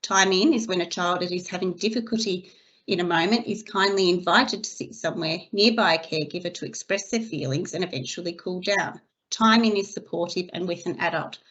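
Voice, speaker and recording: Measured woman reading a webinar. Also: on the low side. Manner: steady, measured, reading from slides. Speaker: early childhood educator trainer. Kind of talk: scripted webinar narration. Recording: slightly dull lo-fi recording.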